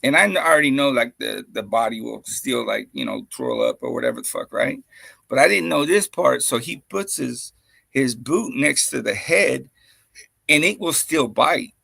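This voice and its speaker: A man with a deep gravelly fry and a husky, rough edge tells crude, animated stories, laughing and swearing through them. His tone is bright and forceful, and the sound is close and dry, like a streaming mic in a small room. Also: normal speed, dry recording. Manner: profane, laughing, animated anecdotes. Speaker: co-host telling stories. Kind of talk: casual storytelling chat. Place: home streaming setup. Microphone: streaming microphone.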